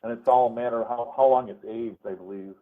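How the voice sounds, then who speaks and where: A man's voice: medium pitch, fairly even intonation, fast. A male guest in a casual chat, rambling as he shares trivia. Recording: tinny phone line.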